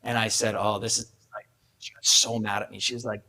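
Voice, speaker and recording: Animated male keynote storyteller. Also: lowish voice, fairly quick, poor audio. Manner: animated storyteller acting out dialogue. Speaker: keynote speaker. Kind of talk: motivational storytelling speech. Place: event hall.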